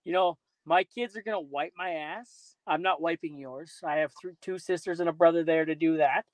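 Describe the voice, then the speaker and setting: A man's voice: on the high side, normal speed, dry recording, poor audio. A man hosting a casual podcast, telling blunt, profane stories and laughing at them. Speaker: podcast host.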